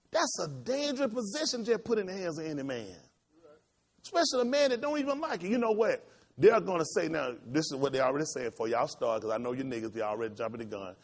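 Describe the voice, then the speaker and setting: Impassioned preacher with a lively, swooping voice. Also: male voice, fairly quick. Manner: impassioned storytelling, swinging between loud high outbursts and low quiet asides. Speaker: pastor. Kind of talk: sermon.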